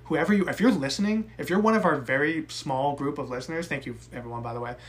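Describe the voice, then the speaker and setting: A young man co-hosting a casual podcast, recapping a wrestling match with profane, animated rants. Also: a little high, quick pace. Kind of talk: casual chat.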